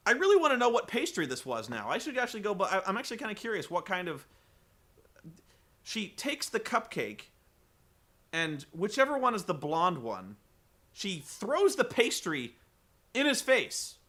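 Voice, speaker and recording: A man recapping a wrestling show for comedy, rambling and incredulous, swearing and acting out the quotes loudly. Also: sits high, wildly swooping pitch, normal speed.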